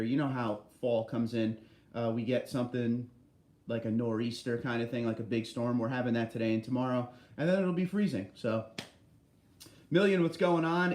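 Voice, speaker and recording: Male stream host, mid pitch, easygoing chat-reader, roomy echo. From New Jersey. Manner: friendly, greets viewers by name, relaxed banter. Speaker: livestream host reading viewer chat. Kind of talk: casual livestream chat.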